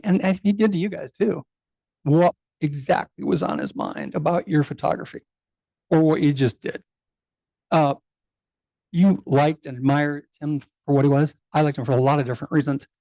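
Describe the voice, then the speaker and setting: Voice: medium pitch, mellow, no room sound. A photographer in their sixties giving a memorial tribute, telling rambling anecdotes and quoting others' dialogue. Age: 60s. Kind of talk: memorial speech, anecdotal storytelling. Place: meeting house.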